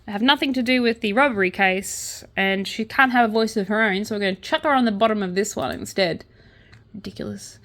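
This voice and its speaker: A woman's voice: medium pitch, fast, few pauses, a bit bright. A young adult woman with an Australian accent, reading crime news aloud and breaking off for sarcastic asides. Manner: sarcastic asides between read-out news items.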